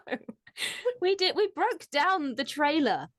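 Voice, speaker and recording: A woman's voice: high voice, very animated, slow pace, no echo, clean studio sound. A woman co-hosting a casual fan discussion, often laughing mid-sentence as she talks through news. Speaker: co-host. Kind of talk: casual chat.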